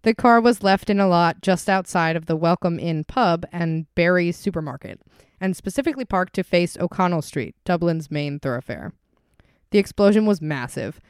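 A woman with a stuffy, congested voice hosts a relaxed true-crime podcast, reading her notes and tripping over names now and then. Her tone stays smooth and clean despite the cold, recorded close and dry with no room sound. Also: lowish voice, normal speed, dry recording. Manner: laughs often, stumbles over place names. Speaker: podcast co-host.

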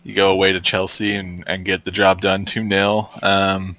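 Male podcast co-host, low voice, relaxed and halting. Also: no room sound. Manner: laid-back, hesitant, many ums. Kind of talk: casual sports chat.

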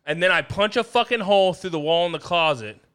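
A man's voice: high voice, fast talker, fairly bright tone, clean tone. A man co-hosting a casual podcast, talking in a brash, boastful way with heavy swearing and slang. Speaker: podcast co-host.

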